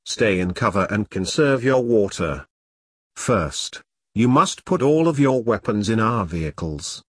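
A man's voice: lowish voice, big pitch swings, unhurried, husky, dry recording, studio quality, heavily acted. A man voicing a stern male army section commander who gives clipped orders to surrendering troops.

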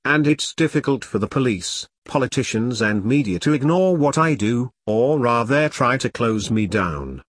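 A man's voice: mid-range voice, animated, moderate pace, hardly any pauses, slightly rough, no room sound, studio quality. A man voicing a fierce, one-armed woman who is an ex-soldier and activist, talking bluntly and defiantly in an audiobook. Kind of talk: audiobook character reading.

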